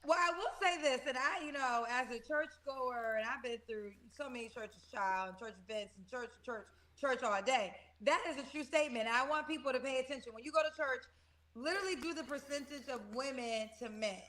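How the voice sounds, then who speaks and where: A woman's voice: high voice, fairly quick, fairly bright tone. A woman co-hosting an online show, reading out paid questions and chatting casually at length. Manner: reads questions aloud, then chats at length. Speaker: co-host reading viewer questions. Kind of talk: casual chat.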